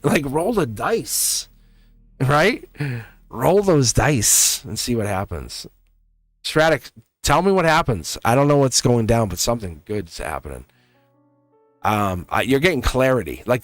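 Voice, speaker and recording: A man's voice: mid-range voice, no room sound. A man with a Boston accent giving a casual, blunt live tarot reading, laughing often and swearing now and then. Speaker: tarot reader.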